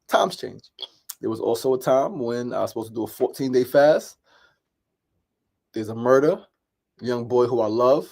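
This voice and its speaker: A man's voice: medium pitch, vocal fry, a little mellow. A middle-aged man hosting a daily talk show, speaking casually and openly, swearing often, repeating phrases and checking in with "right?".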